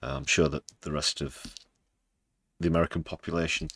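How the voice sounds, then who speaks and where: Very deep-voiced sarcastic British man. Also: little pitch movement, fairly quick, fairly bright tone, husky. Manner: dry and sarcastic, with mock emotion. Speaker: livestream news host. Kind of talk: casual live news commentary.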